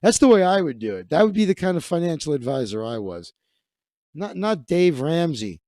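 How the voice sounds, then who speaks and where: A man's voice: on the high side, very animated, moderate pace, dark tone, no echo. A man hosting a comedic live stream, riffing sarcastically and profanely with frequent restarts. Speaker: host.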